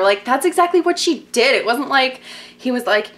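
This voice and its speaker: A woman's voice: high voice, expressive, normal speed. A young woman in a casual TV recap vlog, chatty and gossipy, filling her talk with "like" and sarcastic asides. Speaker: vlogger.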